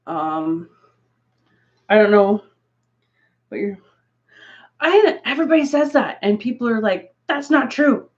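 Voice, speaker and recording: A woman's voice: fairly high pitch, animated, measured pace, long pauses. A woman chatting casually to viewers on a craft livestream, rambling through asides and laughing often. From Canada. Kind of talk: casual live chat. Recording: dull lo-fi stream audio.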